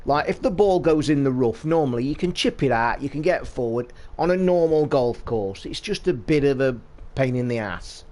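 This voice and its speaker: A man's voice: medium pitch, lively intonation, normal speed, a little mellow. A British man hosting a casual livestream chat, telling a story in a blunt, sweary, opinionated way. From United Kingdom. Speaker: podcast host. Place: home streaming setup.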